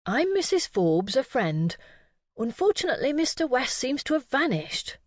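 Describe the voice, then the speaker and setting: A woman voicing a sensible, cautious middle-aged amateur sleuth with a measured way of talking. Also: high voice, big pitch swings, no room sound, studio quality, pitched above the performer's own voice.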